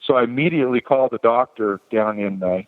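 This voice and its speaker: Man telling a story over a tinny, echoing line. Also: fast talker. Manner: lively, jumps higher to act out quoted people. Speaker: podcast guest. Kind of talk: animated personal storytelling. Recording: tinny phone-like line with long reverb.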